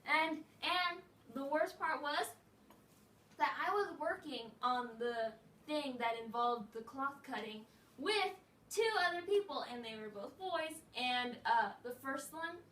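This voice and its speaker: High, bright-voiced woman rambling a story. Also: lively intonation, a little slow. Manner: rambling, full of "like", acts out quoted voices. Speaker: vlogger. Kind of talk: casual storytelling. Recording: roomy echo, a bit distant, faint noise.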